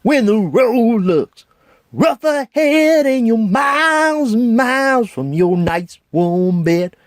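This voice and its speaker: A man's voice: very high-pitched, very animated, slow, no echo, studio quality, voice pushed up, exaggerated voice. A young man in his twenties doing a sung impression of an older male singer-songwriter, warbling a ballad in an exaggerated, stretched-out croon.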